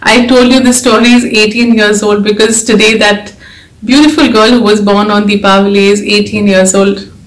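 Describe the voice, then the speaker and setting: A woman's voice: mid-range voice, little pitch movement, normal speed. A woman giving an earnest, emotional devotional talk, urging her listeners to keep faith. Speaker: devotional speaker and author. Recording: echoey room.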